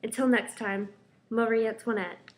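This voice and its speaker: A woman's voice: fairly high pitch, steady tone, normal speed, natural voice, low-quality recording. A woman playing an anxious, pampered queen who reads out a diary entry in a school history role-play. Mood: fretful. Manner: reading a diary entry, fretful.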